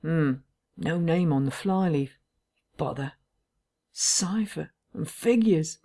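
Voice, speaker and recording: A woman's voice: sits low, lively intonation, takes it slowly, warm tone, heavily acted. A woman voicing a nervous, fussy male village doctor in an audiobook. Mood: fretful.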